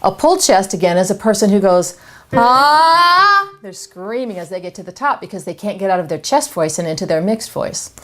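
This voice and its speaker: A woman vocal coach, giving a singing lesson with clear, instructive explanations. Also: mid-range voice, lively intonation, fast talker, few pauses, a little mellow. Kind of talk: singing lesson with sung demonstrations.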